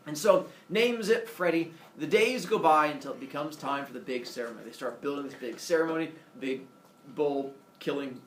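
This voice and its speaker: A man casually retelling a myth with playful, animated delivery and silly character voices. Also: on the high side, normal speed. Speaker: storyteller. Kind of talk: casual oral storytelling. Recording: echoey room, mic from far off, faint noise.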